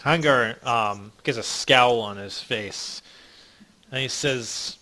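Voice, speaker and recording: A young man as dungeon master, narrating a tabletop game with many ums and pauses. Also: mid-range voice, bright, forceful tone. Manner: halting, many ums, voices gruff figures in passing.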